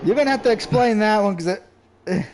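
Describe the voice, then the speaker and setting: A man's voice: sits high, quick pace, a little mellow, a little hiss or hum. A man hosting a casual sports picks stream, joking, laughing often and swearing. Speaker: host.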